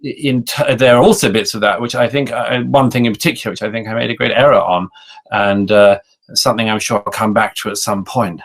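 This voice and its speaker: A British man in his forties, a guest author giving a thoughtful interview answer, speaking in a measured, hesitant way with many fillers and restarts, over a video call. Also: lowish voice, steady tone, a bit bright. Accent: British English. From Britain. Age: 40s.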